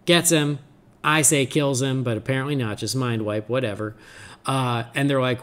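A man co-hosting a podcast, giving a rambling, animated recap of a cartoon episode in casual chat. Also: mid-range voice, normal speed. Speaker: podcast co-host.

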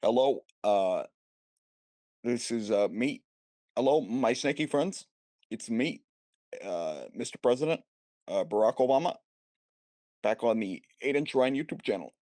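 A man doing a halting impression of a male president who introduces a gaming video, with many filler sounds. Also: medium pitch, lively intonation, mellow, no room sound, clean studio sound, close to an everyday voice. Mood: deadpan.

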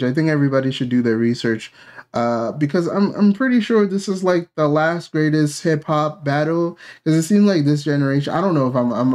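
A man's voice: medium pitch, darkish tone. A middle-aged man streaming a live reaction, chatting casually with rambling asides and playful interjections.

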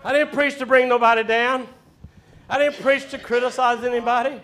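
A man preaching in a church, exuberant, shouting praises and singing in between. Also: very high voice, steady tone, moderate pace. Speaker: pastor. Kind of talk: sermon. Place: church sanctuary.

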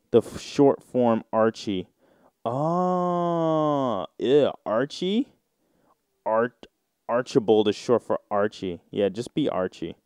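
Slow, mellow-voiced man riffing solo. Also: mid-range voice, clear, resonant tone, no echo, studio quality. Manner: rambling, reads search results aloud and riffs on them; slow, drawn-out delivery with sudden mocking outbursts. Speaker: podcast host. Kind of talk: casual solo podcast chat.

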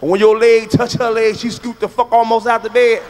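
Brief: male stand-up comic, very high voice, brash and profane, faint noise behind him. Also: flat delivery, fairly quick. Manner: brash, profane, with sudden shouted bursts. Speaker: stand-up comedian. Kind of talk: stand-up comedy routine.

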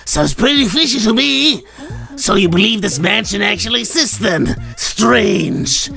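A man voicing an excitable old male ghost professor in a wheezy, raspy, smoker-like voice, reading game dialogue aloud. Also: high voice, voice pushed up, full character voice. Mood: theatrical. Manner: drawn-out, theatrical old-man delivery.

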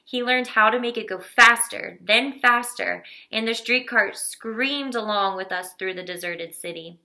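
Woman reading a kids' novel aloud, steady but expressive, super bright sharp tone. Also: on the high side, unhurried. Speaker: audiobook reader. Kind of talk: scripted narration of a children's novel.

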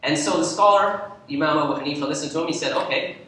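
A man, an imam, gives a talk in a church, telling an animated story to warm up the audience. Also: fairly high pitch, racing. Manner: animated storyteller, lively when quoting. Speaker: imam giving a presentation. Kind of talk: lecture with storytelling. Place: church hall. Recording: echoey hall, from far off.

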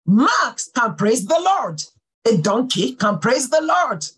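A woman pastor giving a sermon, fervent and full of praise exclamations, swinging from soft talk to calling out. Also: fairly high pitch, very animated, slow, husky, rough recording.

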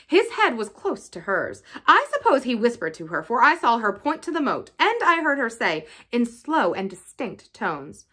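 A woman reading a novel aloud in an expressive, lively style. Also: fairly high pitch, normal speed, few pauses, breathy edge. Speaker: reader.

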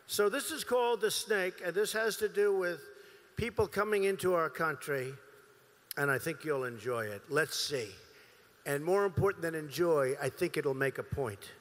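A man's voice: on the high side, normal speed, a bit bright. A man giving a campaign rally speech, emphatic and repetitive in his phrasing, at a large venue. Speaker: political candidate. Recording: long reverb of a large hall.

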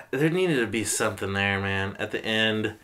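A man co-hosting a casual movie podcast, animated and swearing, acting out lines from the film in high bursts. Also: normal speed. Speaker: podcast co-host. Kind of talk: casual movie review chat.

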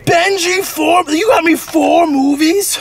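A young man co-hosting a casual comedic chat, goofy and loud, breaking into big excited yelps. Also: extremely high pitch, takes it slowly, background noise. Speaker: co-host.

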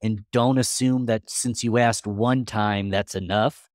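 A man's voice: fairly low pitch, steady tone, unhurried, dry recording, clean studio sound. Earnest man giving practical advice. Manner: earnest, practical, thinks aloud. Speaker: podcast guest. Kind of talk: conversational interview answers.

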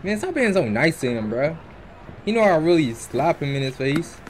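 A young man giving casual, animated let's-play commentary, joking and trash-talking the game's characters. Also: on the high side, moderate pace, slight background noise. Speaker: gaming YouTuber. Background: video game music.

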